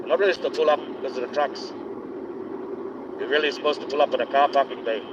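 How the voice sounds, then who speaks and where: A man's voice: mid-range voice, steady tone, fast talker. Rambling man streaming from his car. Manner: rambling, opinionated running commentary; playing up a put-on accent. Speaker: live streamer. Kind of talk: casual live-streamed driving chat. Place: inside a moving car on a highway. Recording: dull lo-fi sound with road noise. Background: engine and road noise.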